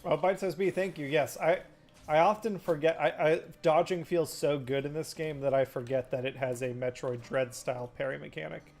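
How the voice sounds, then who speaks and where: A man's voice: a little high, fairly even intonation, normal speed, darkish tone. Man streaming a game with dry jokes. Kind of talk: casual chat while playing.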